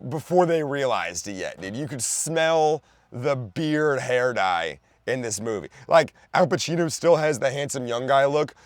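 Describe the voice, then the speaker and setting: A man's voice: medium pitch, lively intonation, a little slow, hardly any pauses, no echo, studio quality. A young man from the Philadelphia area hosting a comedy podcast, ranting loosely about a movie with lots of fillers and restarts. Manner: loose, rambling, lots of fillers and restarts, sudden loud outbursts. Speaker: podcast host. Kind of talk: rambling comedic movie rant.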